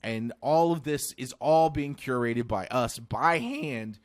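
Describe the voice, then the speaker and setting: A man's voice: mid-range voice, slow pace, no room sound, studio quality. A man hosting a casual radio show, talking earnestly and rambling with restarts, slightly out of breath.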